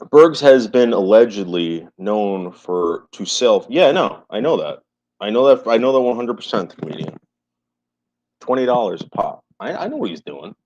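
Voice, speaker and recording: A man's voice: lowish voice, big pitch swings, moderate pace, a little mellow. Repetitive, emphatic livestreaming man. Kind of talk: casual livestream chat. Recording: muffled lo-fi livestream audio.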